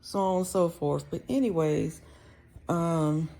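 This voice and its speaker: A woman's voice: lowish voice, slow pace, warm tone. A woman vlogger talking casually from home, rambling in a conversational way with slang. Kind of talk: casual chat to camera.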